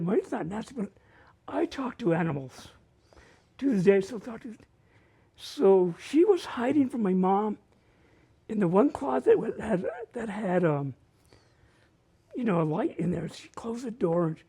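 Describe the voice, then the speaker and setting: Laughing as he recalls his childhood at his own expense, an older man performs personal stories at an open mic in a library event room. His high-sitting voice is creaky, warm and slightly rough.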